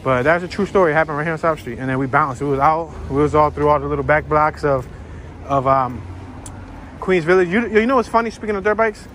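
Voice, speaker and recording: Philly guy rambling and joking on a street walk, bit higher voice, faint street noise behind, camera mic on him. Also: fast, a bit bright. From North Philadelphia. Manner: chatty, joking, drifts between topics. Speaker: walking tour vlogger. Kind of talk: casual chat while walking. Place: outdoors on a city street.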